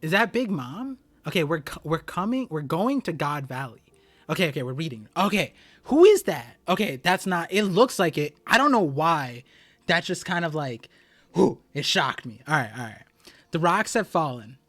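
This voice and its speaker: A young man streaming live, reading a comic chapter aloud and reacting with excited exclamations and stammers. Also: a little high, normal speed.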